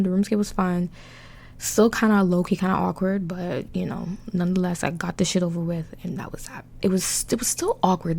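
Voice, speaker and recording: Young woman vlogger, dramatic storytelling, gravelly edge, faint background hiss. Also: mid-range voice. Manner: dramatic, animated, swears freely. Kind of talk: casual storytime.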